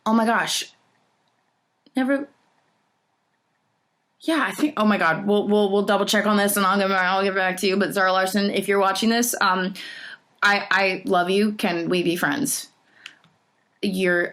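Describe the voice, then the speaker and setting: A woman's voice: mid-range voice, a bit bright. A woman who is a singer and actress, answering fan questions in a casual, bubbly way that rambles, with many restarts.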